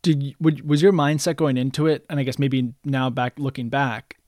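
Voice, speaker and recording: A man's voice: medium pitch, fairly even intonation, normal speed, a little mellow, no room sound, clean studio sound. A man hosting an interview, asking rambling questions full of fillers in a casual chat. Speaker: podcast host.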